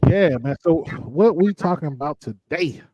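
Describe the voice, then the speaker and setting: Laid-back man, dark dry voice. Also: fairly high pitch, expressive, normal speed, breathy edge, no echo, lo-fi sound. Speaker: podcast co-host. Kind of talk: casual chat.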